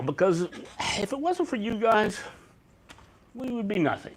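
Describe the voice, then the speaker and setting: A man's voice: high-pitched, very animated, a little slow, husky, low-quality recording. A man hosting a casual live stream about his oyster farm, talking in an exuberant, rambling way with many restarts.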